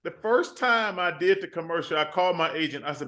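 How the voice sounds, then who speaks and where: On a casual phone interview for a talk show, an older, drawling man tells animated stories at a brisk clip. His voice is a touch high for a man, and he keeps quoting what he and others said.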